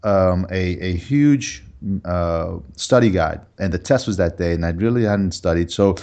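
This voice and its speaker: A man, a guest entrepreneur, telling personal stories in a lively, conversational way with many restarts. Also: sits low, measured pace. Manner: animated storyteller with frequent restarts. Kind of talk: conversational storytelling.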